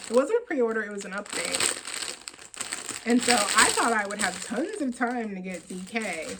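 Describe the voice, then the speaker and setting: Casting note: woman knitting podcaster, chatty and excitable, quick laughs and rambling asides. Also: fairly high pitch, background noise. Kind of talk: casual chat showing yarn purchases.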